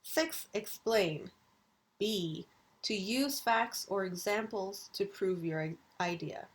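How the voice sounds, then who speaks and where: Woman lecturer, video lesson, very slow pace, careful deliberate enunciation, mid pitch. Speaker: university English lecturer.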